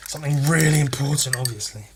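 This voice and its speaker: A man's voice: medium pitch, fast talker, noisy background. Male podcast host, rambling and profane, exasperated tone, casual solo rant. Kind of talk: casual ranting monologue.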